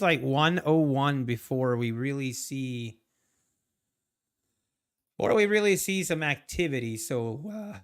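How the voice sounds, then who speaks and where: A man's voice: a little high, a bit bright. A man hosting a live trading stream, chatting casually and rambling as he reacts to viewers' messages. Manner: rambling, chatty, reads chat aloud.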